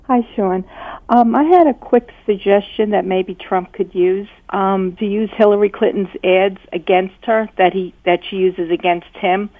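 A woman's voice: mid-range voice, unhurried, no room sound. A Brooklyn-accented woman phones in to a talk show with an eager, slightly hesitant delivery. Her voice sits mid-range for a woman and is squeezed through a tinny phone line. The call sounds dry. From Brooklyn, New York, US. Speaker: caller.

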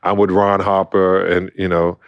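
A middle-aged man from Brooklyn, an animated storyteller who acts out quotes and laughs often, talking as a guest in a casual interview. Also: sits low, moderate pace, clean tone, no room sound, dull audio. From Brooklyn, New York. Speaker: guest, former basketball player.

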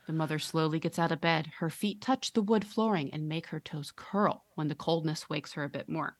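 Female podcast host, low-ish voice, dramatic horror-story reading, dry studio sound. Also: moderate pace, dry recording.

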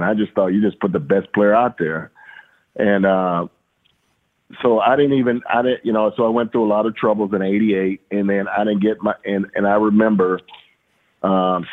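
A middle-aged man from Louisiana, a former baseball player, telling stories in a rambling, casual way with many fillers and repeated words. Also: low voice. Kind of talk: casual storytelling interview. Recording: tinny phone-like line.

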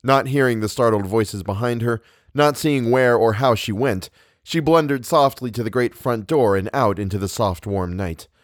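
A man narrating a novel as an audiobook in a measured, unhurried way. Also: mid-range voice, no echo, clean studio sound. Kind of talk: audiobook reading.

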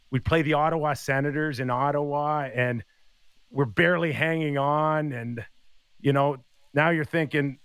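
A former hockey player in his fifties tells stories during a casual chat, his male voice fairly high-pitched and smooth with no echo. He's an animated storyteller who acts out the quotes.

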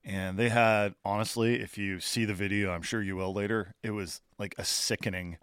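A man's voice: on the low side, fairly even intonation, normal speed, fairly bright tone, clean tone, dry recording. A man co-hosting a morning sports radio show, chatting through match news in a studio. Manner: conversational, explains match news with fillers.

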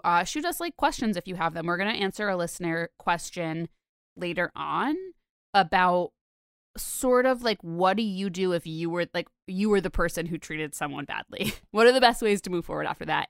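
A woman's voice: fairly low pitch, animated, normal speed, clear, resonant tone, no echo, clean studio sound. A young adult woman hosting a casual podcast, chatty and rambling with lots of fillers. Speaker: podcast host.

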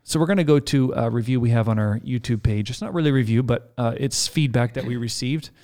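Relaxed man co-hosting a faith podcast. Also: mid-range voice, fast. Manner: relaxed, reads listener comments aloud. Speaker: podcast co-host. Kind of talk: casual podcast chat.

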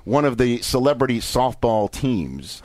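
A man of middle pitch hosts a podcast and tells a self-deprecating story. His voice rises and falls a great deal. The sound is dry and close, from a studio mic. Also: big pitch swings, a little slow, a little mellow, no echo. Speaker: podcast host. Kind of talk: casual storytelling.

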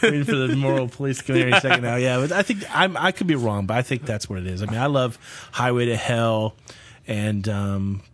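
A man's voice: medium pitch, fairly quick, a bit bright. An older man chatting casually as co-host, dropping dry, wry remarks. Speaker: podcast co-host. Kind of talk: casual chat.

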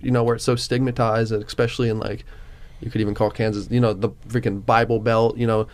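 A man's voice: medium pitch, fast talker. Casting: male podcast host, casual and rambling, loose and chatty. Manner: relaxed, rambling with many fillers. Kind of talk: casual chat.

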